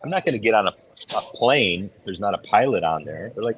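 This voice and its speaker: A middle-aged man chatting casually as a podcast co-host, telling stories and acting out quoted voices with big jumps in pitch. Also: animated, a little fast, slight background noise, poor audio. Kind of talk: casual chat.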